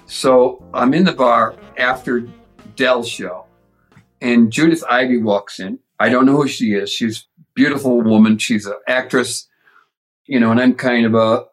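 Older male storyteller, casual and profane, mid-pitched, faint music bed. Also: measured pace, rough recording. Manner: lively storyteller, swears freely. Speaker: guest storyteller. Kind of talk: casual anecdote telling.

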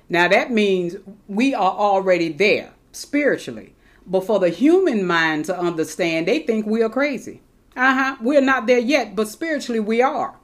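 A middle-aged woman preaching a sermon, reading scripture slowly and with emphasis as she explains it to her congregation. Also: mid-range voice.

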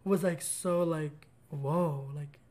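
A man's voice: a little high, steady tone, slow, darkish tone. A young man co-hosting a podcast, telling a personal story in casual chat, earnest and gushing with lots of "like" fillers. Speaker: podcast co-host.

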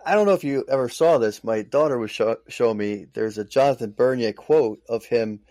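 A man's voice: medium pitch, brisk, mellow, no room sound. A man co-hosting a podcast, chatting casually about hockey and teasing his friends. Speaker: podcast co-host. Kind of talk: casual sports chat.

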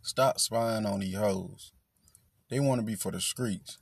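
A man's voice: lowish voice, unhurried, vocal fry, slightly rough. A man hosting his own podcast, giving a blunt, profane, lecturing solo rant. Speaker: podcast host.

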